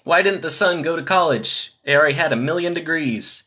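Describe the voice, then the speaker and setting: A man on a casual live stream, reading dad jokes in quick succession and chatting with viewers between them. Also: on the high side, bright, forceful tone, husky. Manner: rapid-fire jokes with chatty asides to viewers.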